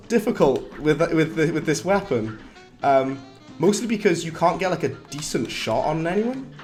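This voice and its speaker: A man with a slightly hoarse voice, chatting casually while livestreaming a game, reading chat aloud and laughing often. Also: on the high side, darkish tone. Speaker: livestreaming gamer. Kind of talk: casual live-stream commentary.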